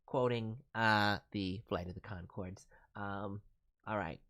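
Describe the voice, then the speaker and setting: A man's voice: on the low side, steady tone, slow pace, a bit bright. A man on a live stream voicing viewers' characters, talking in a playful, rambling way with quirky grammar. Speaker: voice director streamer.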